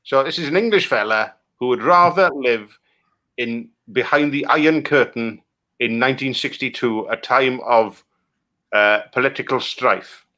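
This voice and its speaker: A Welsh man in improvised comedy chat, swearing and ranting crudely as he tears into film pitches. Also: unhurried, bright, forceful tone. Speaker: comic guest critiquing film pitches.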